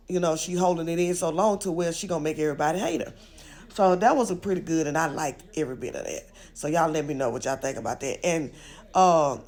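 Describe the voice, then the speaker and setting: A woman's voice: on the low side, a little mellow. An older woman recapping events in a chatty, opinionated way, speaking straight to her viewers. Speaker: reality show commentator. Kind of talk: casual commentary recap.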